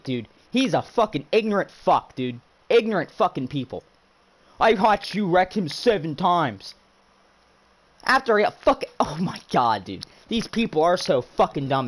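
A man's voice: on the high side, very animated, brisk, hardly any pauses. A man streaming a racing game, ranting angrily and swearing nonstop at another player. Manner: furious, profane, ranting. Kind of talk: angry rant during live racing game stream.

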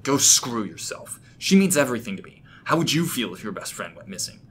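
A man's voice: medium pitch, very animated, brisk, a bit bright, a little hiss or hum. A man reading a horror story, voicing a gloomy, bitter young male student who talks curtly and snaps. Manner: curt, snapping.

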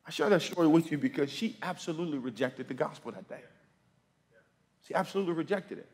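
A man preaching a sermon in a church, telling stories with animated delivery that swings from loud to hushed. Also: high voice, brisk. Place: church sanctuary.

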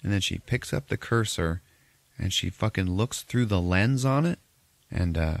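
A man's voice: low-pitched, lively intonation, normal speed, vocal fry, no room sound. A man hosting a podcast, recapping a movie in a loose, profane, rambling way with frequent laughs. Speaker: podcast host.

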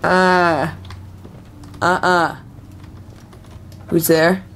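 A woman's voice: fairly low pitch, flat delivery, extremely slow, fairly bright tone, a little hiss or hum. A young woman doing nervous, self-talking commentary while playing a horror game. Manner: nervous, talks to herself and the game. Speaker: gamer.

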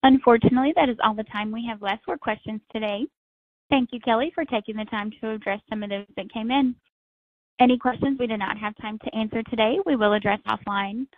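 A woman moderating a webinar, who reads questions and closing remarks in a smooth, prepared way. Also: on the high side, a little fast, no echo. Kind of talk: reading scripted closing remarks. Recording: dry tinny phone-like audio.

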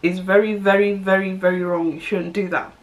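A woman's voice: mid-range voice, flat delivery, a little fast. A young woman, giving her opinion in a casual vlog, emphatic and repeating her points. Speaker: vlogger.

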